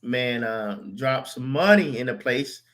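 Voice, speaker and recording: A man hosting a casual podcast chat, giving shout-outs and reading out viewer questions. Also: medium pitch, animated, a little slow. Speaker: podcast host.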